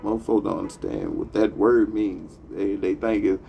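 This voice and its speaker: A man's voice: fairly low pitch, fairly even intonation, moderate pace, vocal fry, dull audio, a little hiss or hum. A man hosting a talk show, delivering a profane, impassioned monologue. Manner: profane, heated, emphatic. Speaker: podcast host.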